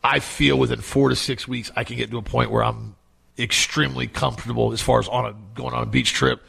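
Raspy gravelly dude co-hosting, chatty, tells stories off the cuff. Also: male voice, medium pitch, level tone, a bit bright. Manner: conversational storytelling, halting restarts. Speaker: talk show co-host. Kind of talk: casual chat.

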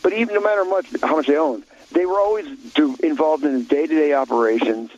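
A man's voice: on the high side, quick pace, darkish tone, lo-fi sound. A man talking bluntly in an opinionated talk show chat, rambling with many restarts and fillers.

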